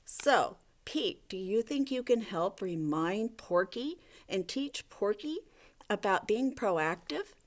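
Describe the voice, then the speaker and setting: Slow, animated woman teaching small children. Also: medium pitch. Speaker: elementary school teacher. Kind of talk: video lesson for young children with a puppet.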